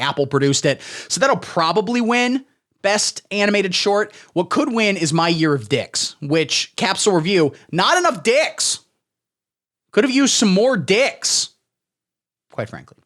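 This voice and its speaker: Sarcastic man with a lively pitch. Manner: sarcastic, deadpan, crude. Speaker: podcast host. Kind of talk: satirical solo commentary.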